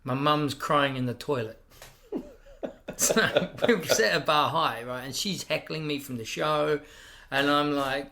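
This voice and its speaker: A man's voice: a little high, measured pace, gravelly, sharp tone. A middle-aged man with an Australian accent telling brash stories in casual chat, swearing freely and acting out quoted voices. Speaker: stand-up comedian guest. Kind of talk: casual storytelling.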